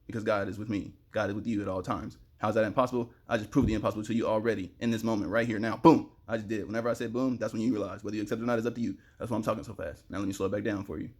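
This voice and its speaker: A young man with a fairly low voice rambles fast and preachy straight to the camera, talking about spiritual matters. He sweats in the heat and bursts out loud now and then. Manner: fast, excitable, preachy, sudden loud outbursts.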